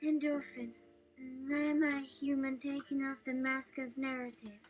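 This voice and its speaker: Woman, synthetic reading voice, high-pitched, monotone, breathy, hesitant. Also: a little slow, soft background music, low-quality recording. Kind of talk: synthetic text-to-speech reading.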